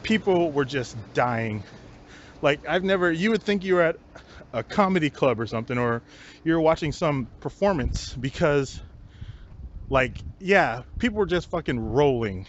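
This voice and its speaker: A man with a slightly raised voice tells a story to his vlog audience, swearing freely and laughing between lines. The recording is muffled and lo-fi, with a faint hiss behind him. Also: a little high. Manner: profane, laughing often, animated storytelling. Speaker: vlogger. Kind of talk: casual storytelling rant. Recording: dull lo-fi recording with faint noise.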